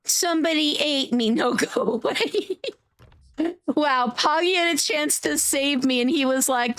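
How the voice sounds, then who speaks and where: A woman's voice: high voice, a little slow, fairly bright tone, dry recording, studio quality. A young woman live-streaming a game, chatting playfully with her viewers, teasing them and breaking into yelps and exclamations. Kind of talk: live gameplay stream chat.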